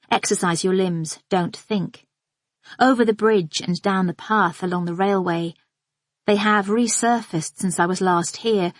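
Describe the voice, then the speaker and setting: A woman reading a first-person thriller in a measured, observant, inward manner. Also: medium pitch, no room sound, clean studio sound. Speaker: audiobook narrator. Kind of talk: scripted first-person narration.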